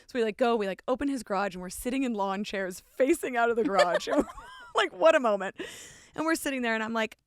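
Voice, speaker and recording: A woman in her thirties, a podcast guest telling a long personal story in casual chat, animated and full of "like", acting out her own past lines. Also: a little high, fast, slight background noise.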